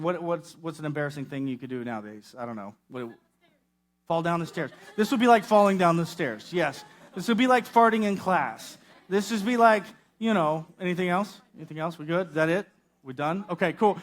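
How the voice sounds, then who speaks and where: High-voiced man preaching a sermon. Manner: animated, acts out quoted voices. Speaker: pastor.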